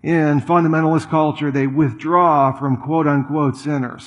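Middle-aged male preacher, relaxed and conversational from the pulpit, voice a little higher than most. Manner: conversational preaching with asides and quick repetitions. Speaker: pastor. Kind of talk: sermon.

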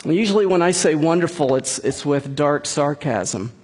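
Husky-voiced man preaching a sermon. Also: a little high, lively intonation, normal speed, darkish tone. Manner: conversational preaching with frequent restarts. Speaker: pastor.

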